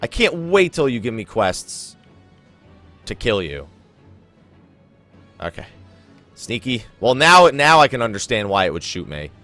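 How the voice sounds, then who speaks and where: A young man hosting a let's play, commentating his gameplay in an animated, chuckling, self-mocking way, with faint game music behind him. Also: mid-range voice, unhurried, long pauses, no echo. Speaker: gaming channel host.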